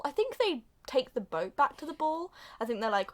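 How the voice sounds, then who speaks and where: Young woman doing a goofy plot recap, kinda high voice, acts out all the lines. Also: brisk, hardly any pauses. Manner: animated, acts out characters' lines. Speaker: video reviewer.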